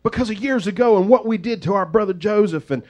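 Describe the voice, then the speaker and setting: A man voicing guilt-ridden brothers who talk fast and panicky. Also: high-pitched, darkish tone, voice pushed up, close to an everyday voice. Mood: guilty. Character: guilty frightened brothers arguing.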